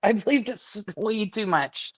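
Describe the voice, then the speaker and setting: A woman's voice: medium pitch, lively intonation, moderate pace, dull audio. A middle-aged woman hosting a podcast, chatting casually, blunt and swearing with frequent laughs. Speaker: podcast host. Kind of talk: casual chat.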